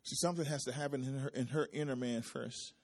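A man's voice: medium pitch, fairly even intonation, fast talker. A man preaching, repeating phrases and asking the congregation for responses as his intensity rises and falls. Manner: repetitive, call-and-response preaching with rising and falling intensity. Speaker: pastor. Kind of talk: sermon.

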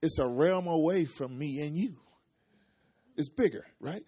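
A pastor with a slightly high, mellow, and slightly rough voice preaches a sermon at a measured pace. He repeats phrases and calls for responses from the congregation as his intensity rises and falls.

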